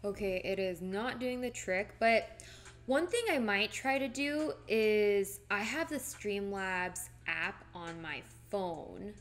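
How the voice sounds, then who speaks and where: A woman's voice: mid-range voice, slow pace, a bit bright. A woman live streaming while she paints, chatting casually with viewers in a playfully melodramatic, mock-tearful way.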